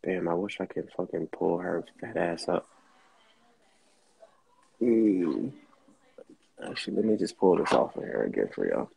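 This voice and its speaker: A man's voice: low voice, expressive, measured pace, gravelly, long pauses, mellow, husky, poor audio. A young man telling a story casually on a livestream, slangy and profane. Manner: profane, laid-back, slangy. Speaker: car rental host.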